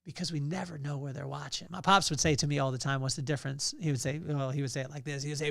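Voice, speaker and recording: Middle-aged guy hosting a podcast, motivational talk w scripture, smooth clear voice, dry sound, hammers repeated phrases. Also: a little high, fairly quick, no echo. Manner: emphatic, repeats key phrases. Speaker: podcast host.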